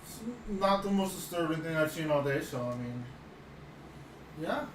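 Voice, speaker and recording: Male player, slightly higher voice, joking and offhand, echoey room. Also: expressive, normal speed, a little hiss or hum. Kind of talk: casual chat at a game table.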